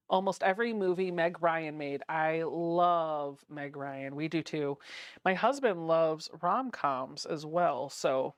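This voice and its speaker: A woman's voice: sits low, slow, clear, resonant tone, no room sound, clean studio sound. A woman in her thirties hosting a chatty livestream from her home sewing room, giggling often and reading viewer comments aloud. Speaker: livestream host.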